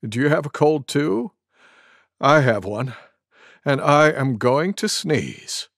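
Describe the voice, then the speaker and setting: A man voicing a big, polite male elephant with a cold, speaking calmly and courteously. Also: fairly high pitch, takes it slowly, no room sound, clean studio sound, full character voice.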